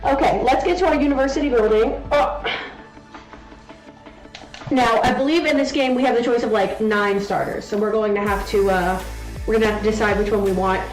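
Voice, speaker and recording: A woman's voice: a little high, fairly quick. A young adult woman streaming a game from home, chatting casually and cooing baby talk to her daughter on her lap. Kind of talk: casual live-stream chat. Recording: echoey room with background music.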